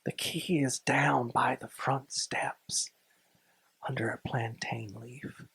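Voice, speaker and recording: A man voicing an obsessive, unraveling woman in a hushed, near-whispered way. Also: medium pitch, steady tone, slow pace, creaky, slightly rough, no echo, voice pushed down, full character voice, rough recording. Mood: eerily gentle.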